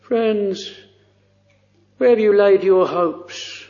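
Slow, fervent preacher man in a hall. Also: high voice, a little mellow. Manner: slow, fervent, with drawn-out pleading phrases. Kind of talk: sermon. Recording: dull lo-fi recording in a reverberant hall.

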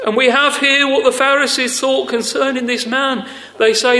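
High-pitched preacher in an echoey hall. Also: male voice, fairly even intonation, bright, forceful tone. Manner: earnest, deliberate, addresses listeners as friends. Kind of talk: sermon. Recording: echoey hall with long reverb.

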